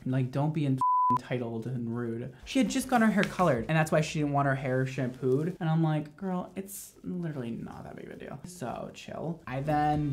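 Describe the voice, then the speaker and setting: A young man, a hairstylist and video host, telling a story to camera in a casual, animated and sassy way. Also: a little high. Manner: animated, sassy and expressive, with lots of "like".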